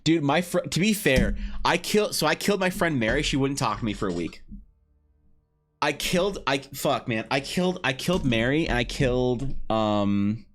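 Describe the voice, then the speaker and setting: A man livestreaming, spinning a loose, profane story in an ordinary mid-range voice. He breaks into laughter and jumps from loud outbursts to quiet, muttered remarks. Soft music runs faintly underneath. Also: expressive, moderate pace. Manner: profane, laughing, swings between loud bursts and low asides. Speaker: livestreaming artist.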